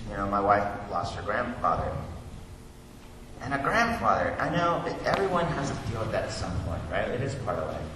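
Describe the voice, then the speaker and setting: Pastor, male, 30s, lively sermon voice from a distant mic in an echoey sanctuary, room noise audible. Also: lowish voice. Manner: conversational, swings from soft and slow to loud and urgent. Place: church sanctuary.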